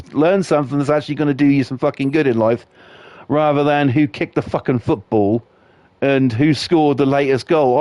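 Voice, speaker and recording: A man's voice: a little high, a little mellow, no room sound. A man live-streaming a game, ranting about football and reading chat with constant swearing. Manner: profane, ranting, heavy swearing.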